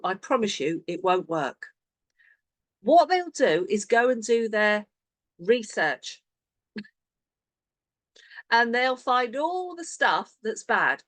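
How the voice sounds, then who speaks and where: A woman's voice: on the high side, dry recording. A woman coaching her sales team on a video call, acting out sample conversations as she goes. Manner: animated, acts out sample conversations. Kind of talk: online team coaching session.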